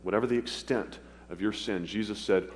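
A man preaching a sermon, earnest and pleading, with pauses as he speaks of his own past. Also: on the low side. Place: church sanctuary. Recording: long hall reverb, faint hum.

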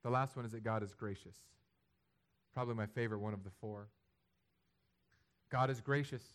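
A man preaching a sermon, acting out imagined prayers and building to loud, emphatic passages. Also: moderate pace. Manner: rises to loud, high-pitched emphatic passages; acts out imagined prayers and quotes. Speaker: pastor.

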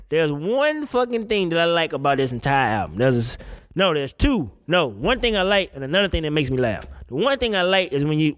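A man with a slightly high voice hosts a casual talk show. He rants with emphatic, slang-heavy, profane delivery and keeps his energy high. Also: fairly bright tone. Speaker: podcast host. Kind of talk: casual opinion rant.

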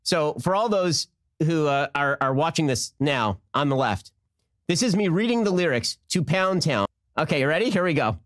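A male commentator in a played clip, giving dry sarcastic remarks at a brisk clip. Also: on the high side, animated, fairly bright tone, no room sound. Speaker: political commentator.

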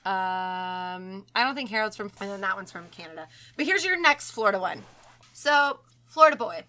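Lively, animated young woman storyteller. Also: medium pitch, normal speed. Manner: animated, swearing, acts out quoted voices. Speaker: podcast co-host. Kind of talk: casual storytelling chat.

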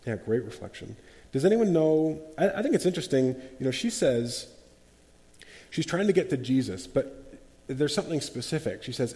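A man leading a group Bible study, his mellow, warm voice carrying a long reverb through the room. He talks with animation, acts out quotes and often restarts sentences. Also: mid-range voice, very animated, normal speed.

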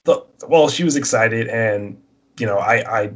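A man's voice: on the low side, measured pace, a bit bright. A man casually telling a long personal story, acting out both sides of the dialogue in a rambling way.

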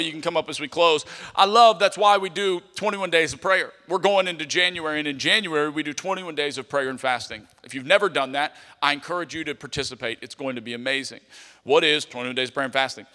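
A male pastor preaching a sermon with animated delivery, moving between loud emphasis and hushed asides. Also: fairly high pitch, big-room sound.

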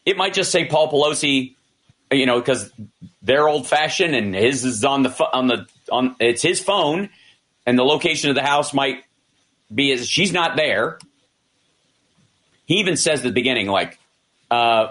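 A man's voice: medium pitch, normal speed. A man in casual discussion, retelling events with many restarts and acted-out quotes. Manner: animated retelling, acting out quoted dialogue; frequent restarts and fillers. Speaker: commentator.

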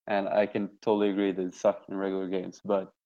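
A man with a low, gravelly voice co-hosts a laid-back hobby podcast. He talks loosely, with lots of fillers and swearing. His lo-fi microphone makes the sound dull. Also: fairly quick. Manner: relaxed, swears a lot, fillers like "like" and "uh". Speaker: podcast co-host. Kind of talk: casual hobby podcast chat.

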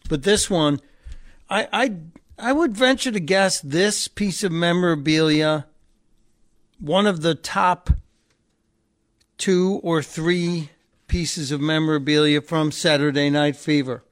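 A man's voice: fairly high pitch, slow, long pauses, no room sound, clean studio sound. A man hosting a talk radio show and taking calls, chatty and jokey, often stumbling and repeating words. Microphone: studio microphone.

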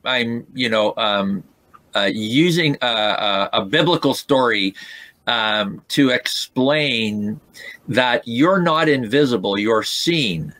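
Male guest, moved and halting storyteller, mid-pitched, dry close mic. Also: pushed and bright, no echo. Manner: emotional, halting, many restarts. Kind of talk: storytelling in a podcast interview.

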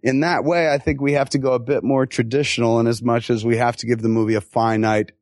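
Animated and profane, a middle-aged film director spins stories in a casual interview, acting out the quotes and swearing often. He has a mid-range voice and a quick pace, captured in studio quality with no echo.

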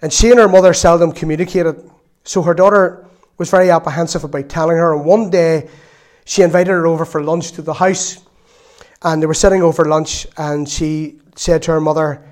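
A man's voice: a little high, flat delivery, moderate pace, darkish tone. A man preaching a sermon in a chatty storytelling way, with laughs and asides.

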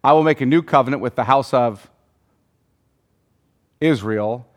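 A man teaching a Bible study group, thinking aloud with many pauses and restarts and putting questions to the listeners. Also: mid-range voice.

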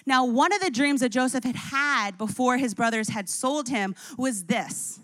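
A young adult woman preaching, retelling scripture in a lively storytelling way. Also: on the high side, measured pace, no room sound. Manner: storytelling, acts out scripture figures with rising intensity. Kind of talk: sermon.

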